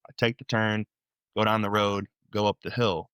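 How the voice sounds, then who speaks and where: A young man from Illinois, guest on a podcast, retelling a frightening night in an animated, rambling way with many restarts. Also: fairly low pitch, normal speed, clean tone, dry recording, studio quality. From Illinois, USA. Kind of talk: storytelling interview.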